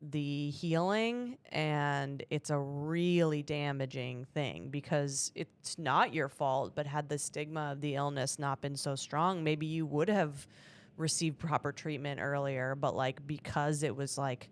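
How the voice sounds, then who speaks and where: Low-voiced woman joking on a podcast. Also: steady tone, clear, resonant tone. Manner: joking, self-mocking, quick tangents. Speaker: comedian podcast co-host. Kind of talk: casual chat.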